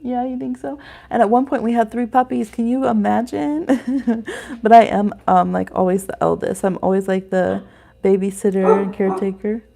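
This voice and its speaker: Chatty woman with vocal fry. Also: medium pitch, fairly even intonation, moderate pace, warm tone. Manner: chatty and rambling, often laughing. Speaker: astrology and tarot reader hosting a live stream. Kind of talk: casual live-stream chat.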